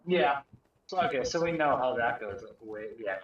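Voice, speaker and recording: A man's voice: medium pitch, lively intonation, moderate pace, muffled recording. A man making laid-back, offhand remarks on a gaming livestream. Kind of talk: casual chat. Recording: echoey, distant, noisy audio.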